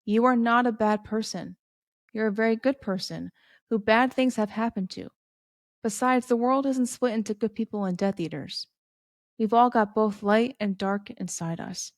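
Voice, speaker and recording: A caring middle-aged wizard godfather offers gentle, earnest reassurance, as a woman reads his lines. The voice sits at a middle pitch. The sound is close and dry. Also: normal speed, no echo, lightly acted.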